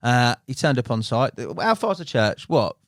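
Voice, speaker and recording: A man's voice: mid-range voice, sing-song, normal speed, a bit bright, no room sound, studio quality. A man hosting a podcast, chatting casually and bantering with his co-hosts. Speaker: podcast host. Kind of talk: casual chat.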